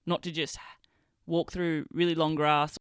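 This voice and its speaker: A woman hosts a relaxed interview, trading anecdotes and laughing easily. Her voice is smooth and clear, recorded close and dry. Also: sits low, measured pace, no echo. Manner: warm, anecdotal, laughs often. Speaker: podcast host. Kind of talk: casual interview chat.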